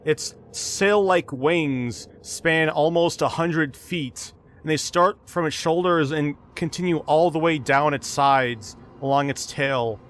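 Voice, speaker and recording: A man running a tabletop game as game master, narrating scenes in an unhurried, descriptive way. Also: a little high, a bit bright.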